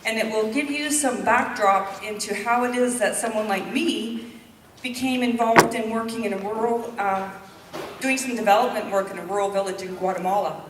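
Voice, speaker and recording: A woman's voice: fairly high pitch, moderate pace, background noise. A woman in her fifties from Canada, a nurse and mother, telling a candid personal story to an audience at a public presentation. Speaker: public speaker. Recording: echoey hall, mic from a distance.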